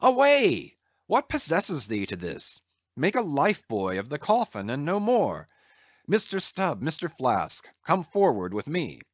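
A man voicing a stern, agitated ship's first mate who gives orders in sharp outbursts. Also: on the high side, wildly swooping pitch, a little slow, dry recording, clean studio sound, exaggerated voice. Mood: commanding. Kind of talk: audiobook character reading.

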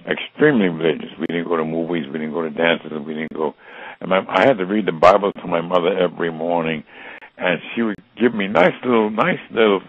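A man's voice: low-pitched, no echo. An older American man telling his life story in an interview, earnest and reflective, often restarting his sentences. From United States. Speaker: interview guest. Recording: dull lo-fi dry recording.

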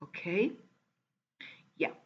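A woman teacher walking her class through a reading lesson, patiently repeating words one by one. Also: extremely slow. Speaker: English teacher. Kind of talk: recorded online class walkthrough. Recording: dull lo-fi recording.

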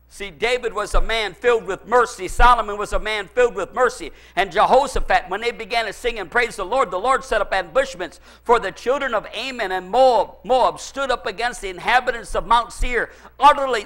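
High, bright-voiced emphatic male preacher. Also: moderate pace, hardly any pauses. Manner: emphatic, repetitive preaching with personal stories. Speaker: pastor. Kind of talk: sermon.

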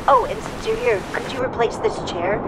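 A woman's voice: fairly high pitch, wildly swooping pitch, normal speed, very noisy. A woman improvising silly, playful lines over an old film in a comedy dub. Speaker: comedy dubber.

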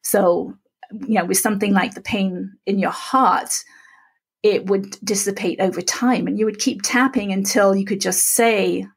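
A middle-aged woman speaks with a husky, slightly breathy tone at a middle pitch. She explains things methodically, step by step, and calmly repeats the practice phrases aloud. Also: measured pace. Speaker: podcast guest. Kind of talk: calm step-by-step instruction.

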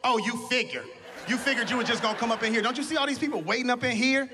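A male comedian voicing a sassy, impatient female license-office clerk who scolds a customer in a drawn-out, condescending way. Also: high-pitched, music in the background. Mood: indignant.

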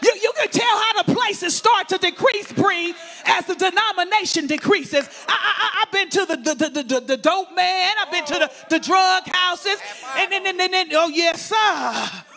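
A man with a very high, gravelly voice, rough at the edges, shouts a sermon in fervent bursts, piling up long repeated lists and calling out to the congregation in call-and-response style. His tone is bright and piercing, his pace moderate with hardly any pauses, and soft music plays behind him.

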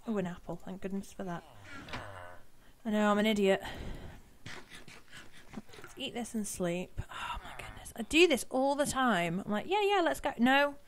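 Slow, chatty young woman gaming. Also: fairly high pitch, a bit bright. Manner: chatty, self-mocking, talks to game animals. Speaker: let's-play host. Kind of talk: casual gameplay commentary.

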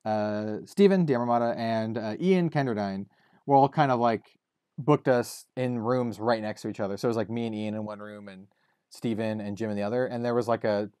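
A man's voice: fairly low pitch, brisk, a little mellow, smooth, no room sound, clean studio sound. A man hosting a podcast, chatting casually with lots of fillers and restarts. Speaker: podcast host.

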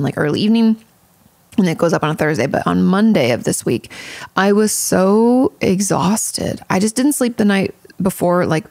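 A woman therapist talking through listener questions in a loose, chatty way, frank and a little irreverent. Her mid-range voice has a gravelly, fry-laden edge. The sound is close and dry, with no room around it. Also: mid-range voice, darkish tone, no echo. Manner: chatty, frank, swears casually, many fillers. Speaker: podcast host and therapist. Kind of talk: casual advice podcast.

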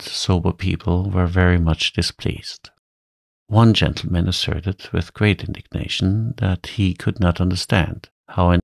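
A man reading a classic story aloud in a calm, soothing bedtime voice. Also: sits low, dry recording, clean studio sound. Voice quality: soft, soothing, gravelly.

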